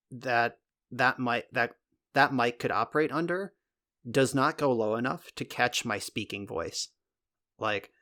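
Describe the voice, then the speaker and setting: A man's voice: medium pitch, a bit bright. A man co-hosting a podcast in casual chat, rambling with lots of fillers and the odd swear, speaking from a home recording room. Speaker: podcast co-host.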